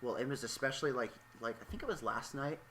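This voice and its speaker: A man's voice: medium pitch, expressive, quick pace, a bit bright, a little hiss or hum. A young man hosting a casual interview podcast, talking in a playful, joking way. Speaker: podcast host; English teacher. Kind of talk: casual chat.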